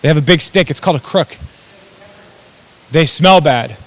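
A man's voice: a little high, moderate pace, poor audio. Casual, chatty man preaching. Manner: conversational, self-deprecating preaching with asides to the audience. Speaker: pastor. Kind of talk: sermon.

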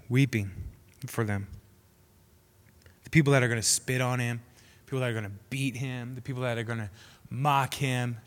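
A young man preaching a casual, passionate sermon, dropping to a hush and rising to shouted prayers. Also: mid-range voice. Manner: swings from hushed to shouting prayers; acts out quoted voices, casual slang. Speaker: youth preacher. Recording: long hall reverb.

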